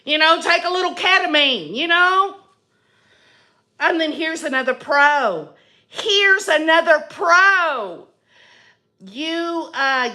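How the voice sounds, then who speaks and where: A woman with a high, bright voice delivers a satirical monologue in character, mocking and sarcastic throughout. She speaks slowly and lets each crude aside land. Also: animated. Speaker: host of a satirical channel.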